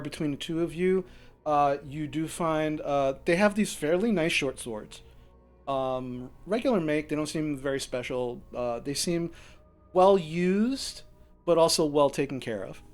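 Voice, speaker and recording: A man narrating a tabletop game as game master, halting, with many fillers and restarts. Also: a little high, clear, resonant tone.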